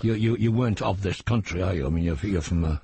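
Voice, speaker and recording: A man's voice: low-pitched, fast, dark tone, breathy edge. Older man, jokey storyteller on old radio. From England. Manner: jokey storyteller, slips into impressions of regional voices. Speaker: comedian guest. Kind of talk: anecdotal interview chat. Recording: old radio broadcast recording.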